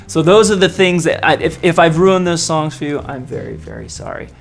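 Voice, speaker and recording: A man's voice: on the high side, expressive, a little fast, gravelly, soft background music. A man, a band frontman, answering interview questions casually and in a playful, self-mocking way.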